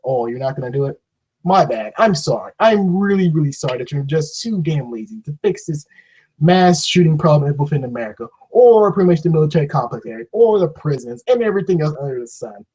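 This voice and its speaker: Man, ranting monologue, sarcastic, exasperated, raised pitch, muffled lo-fi sound. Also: animated, brisk, warm tone, breathy edge. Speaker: vlogger. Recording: dull lo-fi recording.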